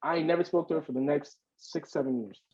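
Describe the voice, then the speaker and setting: A man who is a podcast guest, telling a story in casual chat, animated and slangy and swearing a lot. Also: fairly high pitch, fast talker, lo-fi sound.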